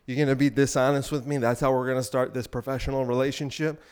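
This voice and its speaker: A man's voice: mid-range voice, level tone, fast talker, a little mellow, clean tone. Young male podcast host, mid-range voice, crude rambling rant, mid-workout. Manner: crude, ranting, profane, with frequent asides; talking while exercising on an elliptical. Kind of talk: rambling solo podcast talk.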